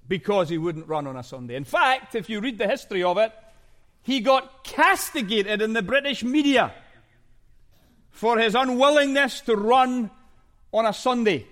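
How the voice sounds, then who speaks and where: A middle-aged man from Scotland praying and preaching a sermon in a measured, earnest way. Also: extremely high pitch, fairly bright tone. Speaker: pastor. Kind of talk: sermon with prayer.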